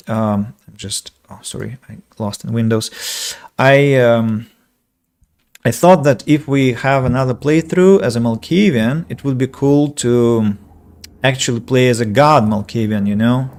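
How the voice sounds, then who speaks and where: A man's voice: medium pitch, measured pace, a little mellow. A man streaming a video game and chatting casually, a rambling, self-correcting talker who answers viewers' comments aloud. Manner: self-correcting, filler-heavy. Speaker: game streamer and English teacher. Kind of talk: casual let's-play commentary.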